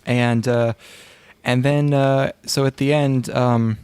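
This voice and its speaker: A man co-hosting a podcast, chatting in a laid-back, dry way with drawn-out fillers. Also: mid-range voice, flat delivery, a little mellow, clear, resonant tone. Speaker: podcast co-host. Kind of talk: casual chat reviewing shows.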